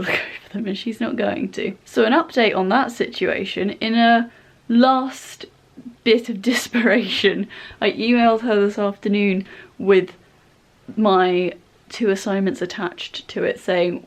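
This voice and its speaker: A young woman vlogger venting in casual chat, exasperated and chatty. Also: medium pitch. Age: young adult. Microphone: compact camera.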